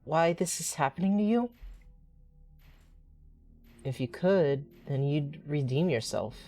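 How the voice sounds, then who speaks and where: A woman voicing a creepy, soft-spoken male doctor obsessed with eyes, reading game dialogue aloud in a slow, sinister croon. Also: deep voice, lively intonation, soft background music, exaggerated voice.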